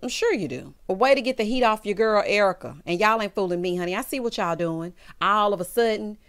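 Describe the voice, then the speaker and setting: A woman's voice: mid-range voice, lively intonation, fairly quick, clear, resonant tone. A woman hosting a reality TV recap, giving sassy, emphatic commentary and calling her viewers honey and child. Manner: bursts into loud laughter and exclamations.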